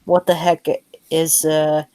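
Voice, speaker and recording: A young woman leads a casual group chat on her podcast. Her voice sits a little low, and she reads an article aloud haltingly, with plenty of ums and blunt, dismissive comments. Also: little pitch movement, mellow, clean tone, no room sound. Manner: hesitant, filler-heavy, blunt dismissive remarks. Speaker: podcast host.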